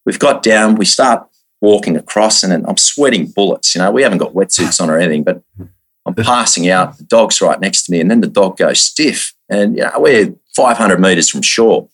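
Husky, deep-voiced Australian man. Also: moderate pace. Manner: lively yarn-spinner, frequent restarts. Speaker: guest. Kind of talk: casual storytelling.

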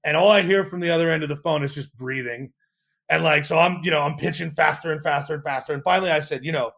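A startup co-founder, male, tells an animated story during a podcast interview, acting out quotes and restarting often. His voice is a little high and creaky, and he talks quickly.

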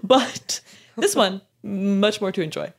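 A bubbly woman co-hosts a podcast, her voice rising and falling a lot as she talks. She giggles often and drops quick asides in relaxed, casual chat. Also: medium pitch, creaky, husky. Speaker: podcast co-host.

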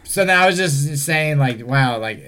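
A man's voice: on the high side, animated, measured pace, sharp tone. Male co-host, easygoing storyteller, casual and profane. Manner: laid-back storyteller, profane. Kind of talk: casual chat.

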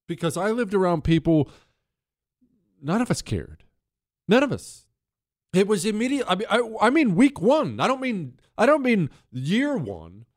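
A man from Texas hosting a radio talk show, speaking in an emphatic, conversational monologue. His pitch moves around a lot as he builds points with rhetorical questions. The studio sound is dry and close. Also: big pitch swings, unhurried, dry recording.

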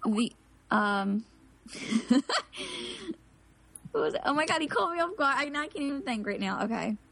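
A woman's voice: high-pitched, big pitch swings, normal speed, vocal fry, a bit bright. A woman with a South Philadelphia accent hosts a podcast, chatting casually and giggling between fillers. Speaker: podcast host. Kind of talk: casual chat.

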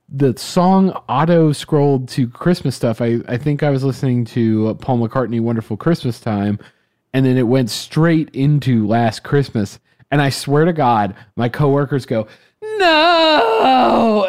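A man co-hosting a music podcast, chatting casually and telling stories with lively acted-out quotes. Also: mid-range voice, no echo, clean studio sound. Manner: animated storyteller, acts out voices of others. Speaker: podcast co-host. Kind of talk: casual chat.

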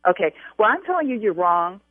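A woman's voice: medium pitch, very animated, brisk, no room sound, faint music behind. A woman on a phone call, demanding and insistent, raising her voice as she argues. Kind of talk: heated phone argument. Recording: tinny phone line, dry.

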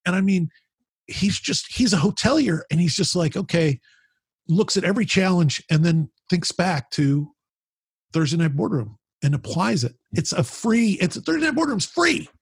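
A man being interviewed as a podcast guest, telling animated, rambling stories with frequent restarts and the odd swear. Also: high-pitched, moderate pace, slightly rough, no room sound, studio quality. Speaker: podcast guest, founder of a business mastermind group. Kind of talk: casual storytelling conversation.

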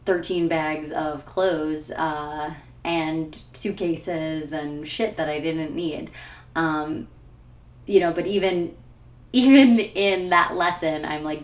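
A woman's voice: low voice, roomy sound. A young woman podcaster talking candidly and searchingly to herself, with many fillers and a tearful edge at times. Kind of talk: personal reflective monologue.

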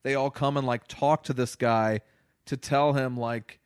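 A man co-hosting a movie podcast, talking casually and ranting in an animated, exasperated way. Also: medium pitch, unhurried, clean tone, no echo, studio quality. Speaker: podcast co-host reviewing movies. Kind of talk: casual chat.

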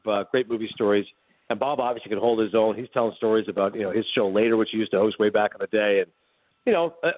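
A man calls in to a radio show and rattles off a story at high speed, acting out each person's lines as he goes. His voice comes through a dry, narrow, phone-like line. He sounds animated and chatty. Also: no room sound. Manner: animated, fast anecdote telling with acted-out dialogue. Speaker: radio guest. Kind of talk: casual storytelling chat.

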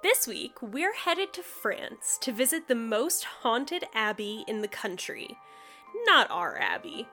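Woman co-host for a casual podcast, high and bright, giggly, tosses in jokey asides between scripted bits. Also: wildly swooping pitch, takes it slowly, soft background music. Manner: giggly, reading notes with playful asides.

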